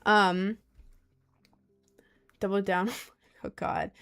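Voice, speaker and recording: A woman's voice: medium pitch, flat delivery, extremely slow, gravelly, smooth, soft background music. A young adult woman streaming and chatting casually, reading viewer messages in a rambling way, with lots of fillers and frequent laughs.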